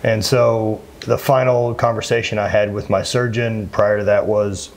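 A man's voice: on the low side, level tone, moderate pace. A man in his thirties, a former athlete, talking earnestly and plainly as an interview guest, often restarting his sentences. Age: 30s. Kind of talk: candid conversational interview.

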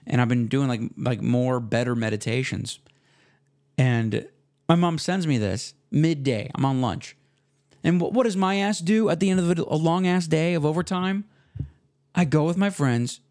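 A young man hosting his own podcast, talking casually in a rambling, self-deprecating way with slang and restarts, relaxed after smoking. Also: mid-range voice. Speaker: podcast host. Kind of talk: casual solo podcast monologue.

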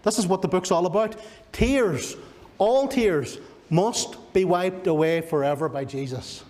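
Unhurried and a little mellow, this Northern Irish pastor's voice sits high as he preaches. He delivers the sermon emphatically, hammering key words through repetition.

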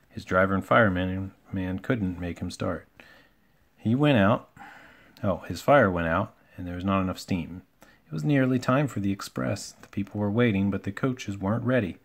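A man reading a children's picture book aloud in a relaxed, homely way, with small slips and asides. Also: lowish voice, moderate pace. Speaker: storybook reader.

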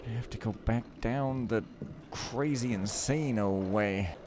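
A man's voice: lowish voice, a little slow, noisy background. A man giving casual, joking, rambling commentary while playing a stealth game, mocking himself as he goes. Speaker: let's play commentator.

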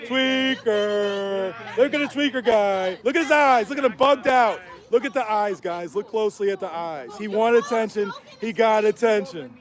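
A man's voice: high-pitched, normal speed, few pauses. A man heckling on a livestream outside a restaurant, taunting in mocking, repetitive jabs. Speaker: protester filming a street confrontation. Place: city street at night outside a restaurant.

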